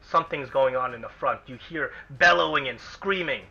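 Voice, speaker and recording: A man narrating as game master of a tabletop game, animated and breaking into chants and shouts. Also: mid-range voice, moderate pace, gravelly, husky. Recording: dull lo-fi recording with music.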